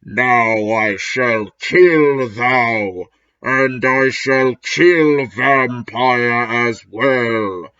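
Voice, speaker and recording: A man putting on a raspy evil dark lord. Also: mid-range voice, lo-fi sound. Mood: menacing. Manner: slow, archaic threatening speech. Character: evil noseless male dark lord, menacing.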